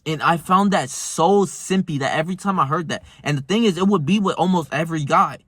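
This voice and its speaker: A man's voice: fairly high pitch, a little fast, fairly bright tone, no echo, clean studio sound. A young man telling stories in a casual, heated monologue, full of slang and cursing. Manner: profane, slangy, heated storytelling. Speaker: self-improvement vlogger.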